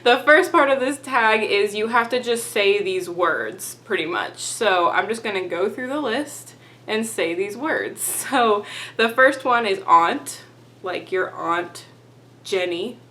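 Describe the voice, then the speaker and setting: A woman with a Texan drawl chats casually to camera, reading a list of words one by one. Her pace is slow and unhurried, her tone bright and forward, and she giggles between items. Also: medium pitch, expressive. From Texas. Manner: giggly, reads a word list one word at a time. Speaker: beauty vlogger. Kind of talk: casual accent-tag reading.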